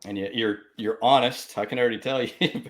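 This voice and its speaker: A man hosting a casual interview, chatty and quick to laugh, with lots of "like" filler. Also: medium pitch, fairly even intonation. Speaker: podcast host. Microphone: video call.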